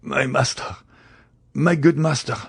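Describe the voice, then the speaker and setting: A man's voice: mid-range voice, drawn-out words, vocal fry, slightly rough, no room sound, clean studio sound, pitched above the performer's own voice, full character voice. A man voicing an old male servant collapsing in agony, in pained, pleading tones, read in an audiobook. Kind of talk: audiobook character reading.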